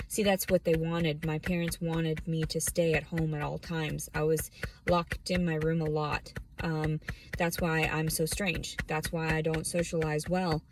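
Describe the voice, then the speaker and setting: Woman vlogger, lower-pitched, profane personal rant, heated and blunt. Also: a little hiss or hum. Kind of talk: angry personal rant to camera.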